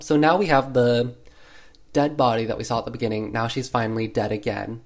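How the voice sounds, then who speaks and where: A man's voice: medium pitch, a little fast, darkish tone. A man retelling an old film in a casual, sarcastic way, full of 'like' fillers. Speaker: movie recap host. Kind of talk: casual movie recap.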